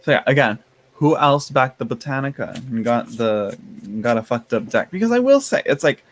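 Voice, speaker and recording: Yawning every so often, a worn-out tarot streamer chats loosely on his live stream, stumbling through fillers and restarts. His medium-pitched voice has lively intonation and a moderate pace. He throws playful sass at his chat, addressing them as y'all and honey.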